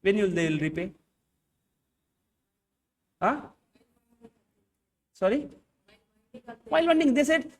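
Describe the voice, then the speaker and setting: A man's voice: very high-pitched, big pitch swings, slow pace, pauses often, far from the mic. A man with an Indian English accent teaching accounting in a classroom lecture, firing rhetorical questions at his students and acting out little dialogues.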